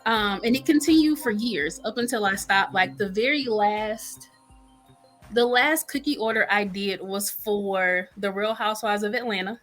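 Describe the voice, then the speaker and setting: A woman guest chef telling her story in a casual interview, lively and acting out what people said. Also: mid-range voice, normal speed, faint music behind. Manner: animated, acts out quoted dialogue.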